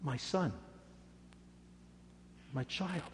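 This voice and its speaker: A man voicing a loving father who speaks softly and tenderly, in a reverberant hall. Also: very high voice, expressive, normal speed, pitched above the performer's own voice. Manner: soft, tender pleading. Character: loving old father pleading gently.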